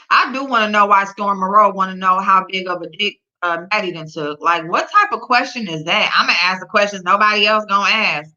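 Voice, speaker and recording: A woman hosting a casual livestream, reading the chat aloud and talking back at it and at her dog with loud laughs. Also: mid-range voice. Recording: dull lo-fi sound.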